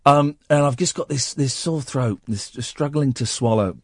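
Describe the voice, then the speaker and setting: Nursing a cold-induced sore throat, a late-night phone-in radio host speaks casually in a rambling, halting way, restarting often. His medium-pitched voice is a little mellow with a breathy edge. The studio-quality recording has no room sound.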